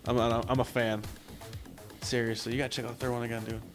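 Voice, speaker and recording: A man's voice: mid-range voice, little pitch movement, quick pace, soft background music. A man hosting a podcast in casual banter, rambling and joking with stammering restarts. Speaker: podcast host.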